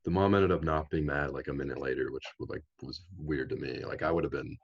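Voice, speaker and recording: A young man with an extremely low, husky voice tells a story in a loose, rambling way with plenty of "like" and "um". He is a guest on a casual podcast, recorded with dull, lo-fi audio. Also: a little fast. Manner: rambling, laid-back storytelling with many fillers.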